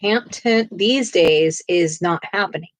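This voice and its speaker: A woman's voice: lowish voice, measured pace, no echo. A woman co-hosting a live coloring stream in casual chat, asking viewers questions and laughing often.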